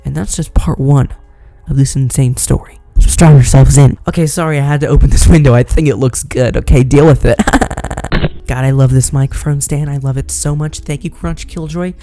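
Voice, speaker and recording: Animated young man telling a vlog story. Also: mid-range voice, a little fast, dry recording, soft background music. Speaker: vlogger.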